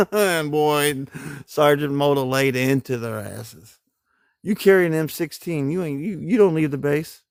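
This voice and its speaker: A man's voice: fairly high pitch, lively intonation, a little slow, gravelly, dry recording, studio quality. A middle-aged man and army veteran telling rambling, profane stories on a live stream, laughing often, with folksy grammar. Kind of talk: casual storytelling on a live stream.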